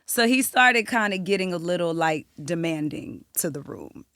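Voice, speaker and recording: A young woman from South Florida, a singer-songwriter telling a story as a podcast guest, animated and profane. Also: on the low side, moderate pace, smooth. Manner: animated, profane, acts out quotes. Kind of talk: casual storytelling interview.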